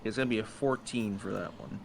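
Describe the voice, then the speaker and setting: Relaxed male tabletop player. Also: fairly low pitch, fairly quick, creaky, background noise. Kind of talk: casual tabletop play.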